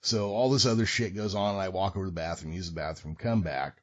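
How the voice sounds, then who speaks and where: A man's voice: low voice, quick pace. A man hosting a podcast, telling a story in a casual, profane, wry way. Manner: profane, wry, animated retelling. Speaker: podcast host. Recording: muffled lo-fi audio.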